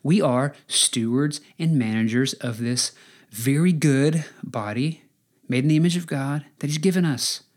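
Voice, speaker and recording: A male pastor delivering an earnest, conversational sermon, pausing often and restarting his phrases. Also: mid-range voice, a little mellow.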